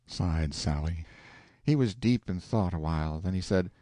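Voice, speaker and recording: A man reading a classic short story aloud as an audiobook narrator, in measured storytelling. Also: low-pitched, dark tone, dry recording, clean studio sound. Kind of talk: scripted narration.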